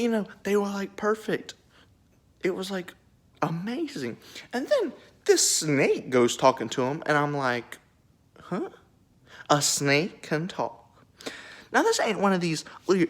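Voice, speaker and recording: A young vlogger cracking jokes through a bible retelling, the pitch bouncing widely. the delivery rambles with plenty of asides, and the tone is animated and playful. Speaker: video creator.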